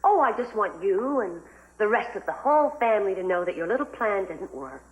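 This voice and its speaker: A woman's voice: mid-range voice, expressive, a little fast, close to an everyday voice, low-quality recording. An actress playing a spiteful, scheming woman in a 1980s TV soap, sneering and taunting.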